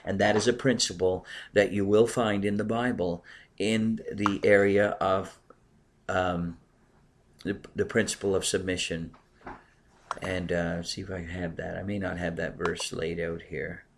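A middle-aged man preaches in an earnest, emphatic way. His fairly low voice swells on key points and sinks to near murmurs on asides. He takes replies from his listeners along the way. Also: level tone, unhurried, a little hiss or hum. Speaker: pastor. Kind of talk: sermon with congregation replies.

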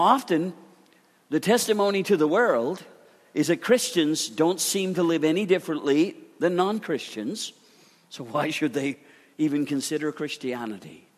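A man preaching a sermon with emphasis, dropping to soft, slow phrases and then rising loud again. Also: a little high, big-room sound. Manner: emphatic, swings between soft drawn-out lines and loud ones.

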